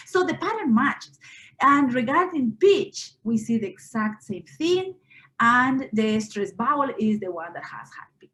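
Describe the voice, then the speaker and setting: Woman, linguist, academic conference lecture, fairly high-pitched voice, explanatory, frequent filler pauses. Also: fairly bright tone, low-quality recording. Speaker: linguist presenting research.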